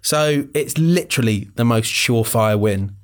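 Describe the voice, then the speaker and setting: A man's voice: mid-range voice, animated, moderate pace. A man giving dry, punchy football takes on a podcast. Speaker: podcast panelist. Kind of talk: casual football chat.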